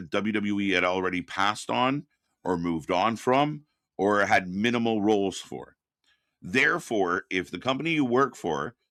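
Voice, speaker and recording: A man hosting a live wrestling watch-party stream, ranting with exasperation and profanity, then answering chat messages more calmly. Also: fairly low pitch, dry recording, studio quality. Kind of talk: live reaction commentary, reading chat.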